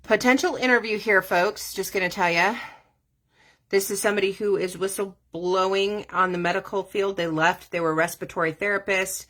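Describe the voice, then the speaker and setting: A woman vlogger chatting casually with her viewers, animated and quick to swear and laugh. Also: medium pitch. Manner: animated, profane, laughing easily.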